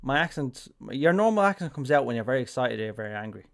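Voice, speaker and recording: A man's voice: medium pitch, big pitch swings, fast talker, creaky. An Irish man giving casual live-stream commentary on a game, rambling with lots of fillers and self-corrections. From Ireland.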